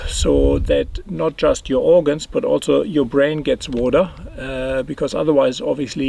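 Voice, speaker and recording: A man narrating an outdoor travel vlog in a desert gorge, relaxed and rambling with lots of ums and uhs. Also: fairly high pitch, gravelly, low-quality recording. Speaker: 4WD travel vlogger. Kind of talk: casual on-camera narration.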